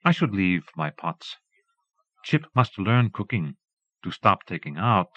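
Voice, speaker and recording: A man narrating an audiobook in a measured literary reading, recorded close to the mic and transferred from an old cassette. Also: low-pitched, sing-song, a bit bright, no echo.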